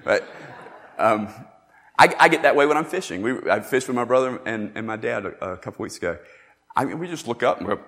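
A man preaching a sermon, emphatic and animated, acting out the scripture he quotes. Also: mid-range voice, a little fast. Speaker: pastor. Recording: long reverb in a large hall.

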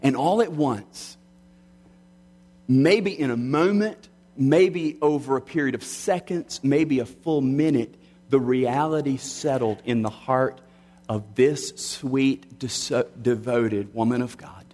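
A middle-aged man preaching a sermon with earnest delivery, slowing down and dropping quiet on key lines. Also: medium pitch. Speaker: pastor.

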